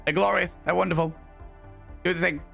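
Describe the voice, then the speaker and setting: A man's voice: high voice, fairly even intonation, a little fast, gravelly, sharp tone, faint music behind. A man hosting a live stream in a camp, theatrical way, full of grand flourishes. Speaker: streamer and cabaret host. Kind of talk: flamboyant live-stream chat.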